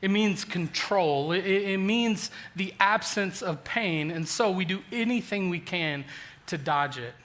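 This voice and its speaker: A man in his forties delivers a sermon with a high, bright and ringing voice. He is an animated storyteller who pokes fun at himself and often restarts his sentences as he works toward his point. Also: a little slow. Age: 40s. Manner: animated, self-deprecating storyteller with frequent restarts. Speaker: pastor.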